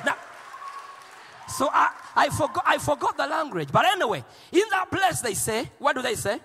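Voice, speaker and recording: High, shouting Ugandan-born preacher. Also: male voice, very animated, moderate pace, gravelly. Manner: shouting, playful, with call and response. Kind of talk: sermon. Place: large church hall. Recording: long hall reverb.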